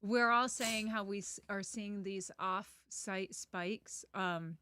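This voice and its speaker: A woman's voice: mid-range voice, slow, sharp tone, smooth, dry recording. A woman co-hosting a casual live show, chatting and reading viewer comments aloud. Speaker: co-host of a reselling live show. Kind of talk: casual live-stream chat.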